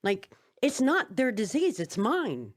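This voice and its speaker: A woman's voice: a little high, huge pitch swings, takes it slowly. A middle-aged woman, a podcast guest, telling her story in a candid, blunt and profane conversational way. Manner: blunt and profane, speaks openly.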